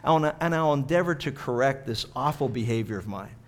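A man voicing a humbled male parrot that pleads softly and formally for forgiveness in a sermon joke. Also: mid-range voice, animated, fairly quick, voice pushed down, lightly acted. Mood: contrite. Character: meek, overly polite reformed male parrot.

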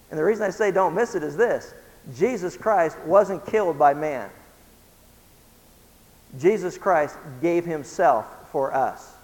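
A high-pitched male pastor delivering a sermon, punching some lines loudly and dropping others to a hush. He poses questions to his listeners and chuckles now and then. His voice trails off in the long reverb of a large hall. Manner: dramatic preaching, swings from loud emphasis to hushed.

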